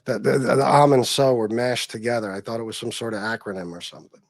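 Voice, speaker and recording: A middle-aged man from North Carolina, ranting angrily and swearing on his livestream, loud one moment and muttering the next. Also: steady tone, quick pace, vocal fry, dry recording. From North Carolina, USA. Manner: angry, sweary, swings between loud outbursts and low mutters. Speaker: livestream host. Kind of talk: profane ranting livestream talk.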